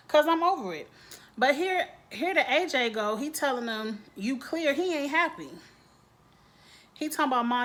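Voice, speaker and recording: A woman giving a casual, opinionated vlog review of a TV episode, with animated asides. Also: fairly high pitch. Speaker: TV show reviewer. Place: home, grass being mowed outside.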